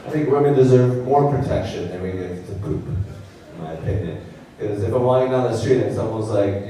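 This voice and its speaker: Deadpan young man doing stand-up. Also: medium pitch, a little hiss or hum. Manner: deadpan delivery with filler pauses. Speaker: stand-up comedian. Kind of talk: stand-up comedy set. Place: large hall on stage. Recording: very roomy hall sound, slightly distant. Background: audience laughter.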